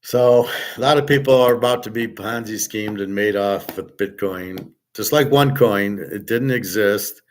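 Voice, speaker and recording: A man's voice: lowish voice, moderate pace, hardly any pauses. A man hosting a livestream, ranting and reading chat comments in a profane, sarcastic, combative way. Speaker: host.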